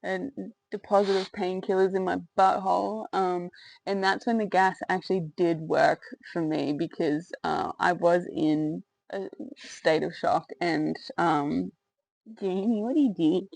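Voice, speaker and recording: A woman's voice: lowish voice, little pitch movement, unhurried, creaky, no echo, low-quality recording. A woman telling her own birth story in a candid, rambling way, with lots of fillers, laughter and swearing. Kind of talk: casual personal storytelling to camera.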